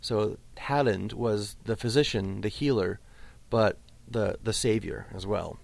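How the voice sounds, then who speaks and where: Low-voiced man lecturing on old verse. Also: vocal fry, darkish tone. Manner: explains patiently, slows right down to recite verse. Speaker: literature teacher.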